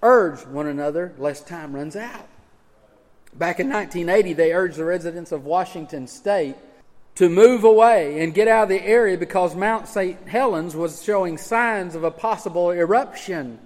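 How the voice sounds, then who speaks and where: A man preaching a sermon as pastor, emphatic, swinging from loud urging to hushed low tones. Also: normal speed. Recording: church hall with long reverb.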